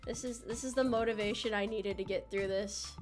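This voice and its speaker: A woman's voice: mid-range voice, fairly even intonation, brisk. A woman from the United States streaming a game and chatting live, playful and teasing, tripping over her words as she restarts sentences. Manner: playful, teasing banter with chat, frequent restarts. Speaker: VTuber streamer. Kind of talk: casual live-stream chat while playing a game. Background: faint game music.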